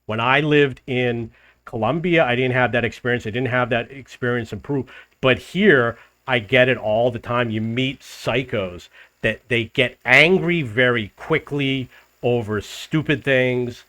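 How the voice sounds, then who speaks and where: Speaking a little slowly, a middle-aged travel vlogger from the United States recounts a story in a relaxed monologue. His voice sits at medium pitch, and he animatedly plays out each argument he quotes.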